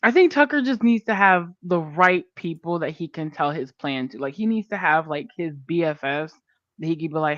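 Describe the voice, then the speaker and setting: A woman co-hosting a casual reality TV recap podcast, chatty and quick to agree and laugh along. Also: low voice, lively intonation, dry recording. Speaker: podcast co-host. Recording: dry, dull lo-fi sound.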